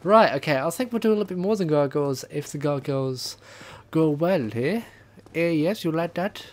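Excitable swearing gaming commentator man. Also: fairly high pitch, moderate pace. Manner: excitable, swearing, shouting at the game. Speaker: gaming video host. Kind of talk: casual let's-play commentary.

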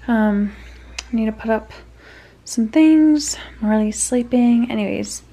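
A woman's voice: a little high, measured pace, mellow. A young woman vlogger talking casually through her day, chatty and saying "y'all" often. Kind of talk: casual vlog chat.

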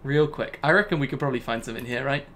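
Male gamer, casual commentary, exasperated self-talk, average pitch, faint typing. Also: quick pace, fairly bright tone, slight background noise. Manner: self-talking, exasperated, laughs at himself. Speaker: gaming YouTuber. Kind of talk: casual Let's Play commentary.

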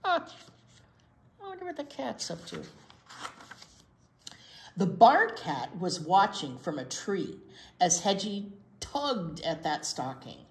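A woman librarian reading a picture book aloud at a children's storytime, pausing to ask the children questions. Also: fairly low pitch, big pitch swings, echoey room.

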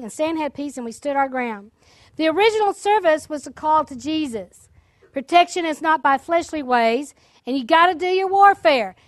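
Woman, high voice, dry close sound, testimony sermon, lively storyteller, preacherly exhorting. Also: dry recording. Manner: lively storytelling, acts out quoted speech. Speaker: prophet speaking to a church audience.

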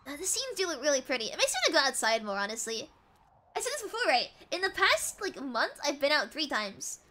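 A woman's voice: high-pitched, sing-song, a little fast, pushed and bright. An American woman streaming a video game, chatting casually and rambling with frequent giggles. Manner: giggly, rambling, self-mocking.

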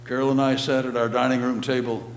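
A man preaching a storytelling sermon, unhurried, who often drops to a quiet, low voice. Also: little pitch movement, creaky. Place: church sanctuary. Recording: roomy church echo, faint hum.

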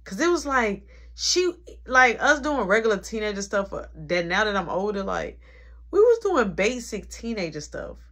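A young adult woman telling a personal story in an animated, dramatic, slangy way. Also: medium pitch, moderate pace. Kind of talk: casual storytime.

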